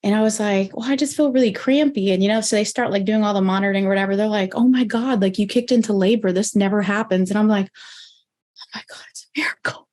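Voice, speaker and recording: A woman in her thirties, a podcast guest, telling a personal story in a lively way, acting out what she and others said and using "like" often. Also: mid-range voice, fast talker, hardly any pauses. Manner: animated, acts out her own and others' quoted lines with lots of "like".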